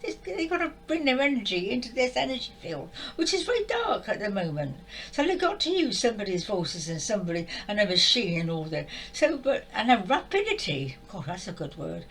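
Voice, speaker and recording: Speaking to camera in a slightly high, somewhat bright voice, an older woman vents about spiritual channelling, going over the same points again and again. She sounds upset, exasperated and close to tears, and the recording is rough.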